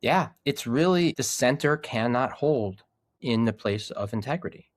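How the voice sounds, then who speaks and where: An earnest, reflective middle-aged man talking as a podcast guest, often restarting his sentences. His voice sits at an ordinary male pitch. The recording is dry and close, with no room sound. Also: animated, unhurried, no room sound. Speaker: podcast guest, men's group leader. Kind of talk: casual conversation.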